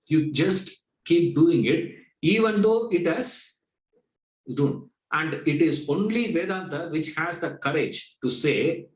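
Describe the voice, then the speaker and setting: A man's voice: on the high side, expressive, slow, roomy sound, poor audio. Man giving a spiritual lecture. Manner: conversational, rhetorical questions, acts out dialogues. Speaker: Vedanta teacher.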